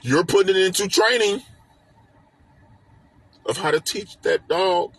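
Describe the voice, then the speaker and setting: Live-stream teacher, male, husky, pitched a little high, preachy and repetitive. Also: unhurried, pauses often. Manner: emphatic, repetitive, preaching with rhetorical questions. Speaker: host and teacher. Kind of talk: explaining a spiritual text on a live stream. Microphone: phone or webcam on a live stream.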